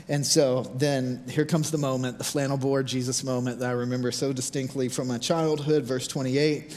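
A man preaching to his congregation in a loose, conversational style, full of "like"s and quick asides. His voice sits at a middle pitch. A long hall reverb hangs after his words in the church. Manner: informal, animated, lots of "like". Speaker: pastor. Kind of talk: casual conversational sermon.

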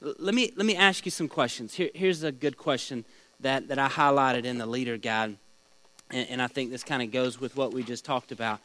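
A man's voice: medium pitch, fairly quick, a bit bright, low-quality recording. A man leading a small-group Bible study, teaching in a conversational way, asking the group questions and telling stories.

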